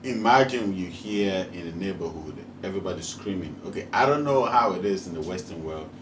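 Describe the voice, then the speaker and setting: A man's voice: low-pitched, expressive, fairly quick, recorded from a distance, noisy background. A man from Ghana with a Ghanaian English accent, preaching a monologue built around stories, repeating his points with emphasis. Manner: repetitive and emphatic, rising to fervent. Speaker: spiritual teacher. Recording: roomy echoey recording.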